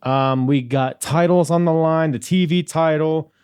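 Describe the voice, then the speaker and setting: A man's voice: on the high side, steady tone, a little slow, a little mellow, clean tone. A young man hosting a wrestling podcast in a casual, goofy, rambling way, joking with himself and the listener. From Virginia. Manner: goofy, rambling, self-mocking. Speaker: podcast host.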